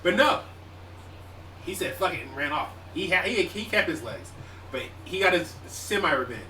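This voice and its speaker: A man's voice: fairly high pitch, lively intonation, normal speed, sharp tone, soft background music. A young man casually telling a story to friends on a podcast, swearing and acting out his own panic. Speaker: podcast co-host. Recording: echoey room, distant mic, faint noise.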